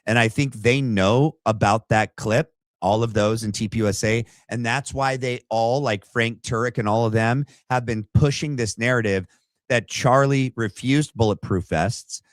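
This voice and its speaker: A man's voice: medium pitch, unhurried, no room sound, clean studio sound. A man hosting a livestream, giving opinionated commentary in a conversational way and reading out viewer chat. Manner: opinionated and conversational, thinks aloud. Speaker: podcast host.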